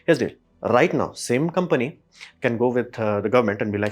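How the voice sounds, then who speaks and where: Host, male, rapid-fire blunt rant, mid-pitched, swears freely. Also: expressive. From India. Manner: ranting, blunt, swears, mimics others in quick asides. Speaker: channel host. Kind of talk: opinionated solo commentary.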